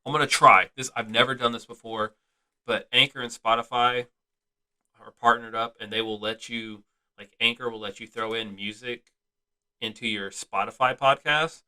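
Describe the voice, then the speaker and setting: A man's voice: medium pitch, fairly even intonation, moderate pace, sharp tone, clear, resonant tone. A man co-hosting a casual podcast, teasing his co-host and laughing often, with a slight Southern twang. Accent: slight American Southern twang.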